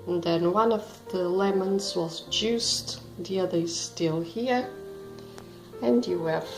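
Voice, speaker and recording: A woman hosting her own cooking video at home, chatting to the viewer with self-deprecating asides as she works through a recipe. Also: mid-range voice. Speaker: cooking show host. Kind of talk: casual cooking demonstration. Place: home kitchen. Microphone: self-filmed camera. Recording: roomy echo, faint background music.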